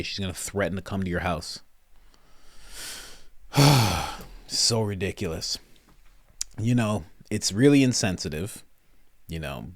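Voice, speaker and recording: A man's voice: lowish voice, no room sound, studio quality. A man hosting his own commentary show, ranting emphatically and repeating phrases for stress. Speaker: commentary channel host. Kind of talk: casual opinion commentary.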